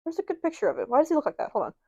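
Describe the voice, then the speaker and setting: A woman's voice: high voice, big pitch swings, racing, creaky, dark tone, no room sound, dull audio. A young woman co-hosting a podcast in casual chat, rambling, swearing freely and laughing often. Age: young adult. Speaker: podcast co-host.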